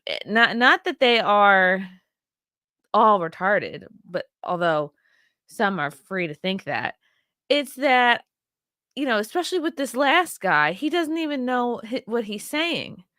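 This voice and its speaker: A woman's voice: mid-range voice, very animated, slow, bright, forceful tone, dry recording, studio quality. A woman hosting her own show, giving blunt, profane and rambling commentary on video clips with a sarcastic edge. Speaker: host.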